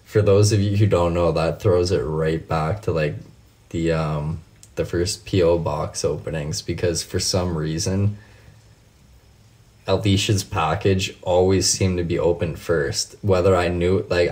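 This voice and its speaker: A man's voice: sits low, darkish tone. A man casually chatting with viewers on a late-night live stream, swearing freely and telling laid-back stories while he answers comments by name.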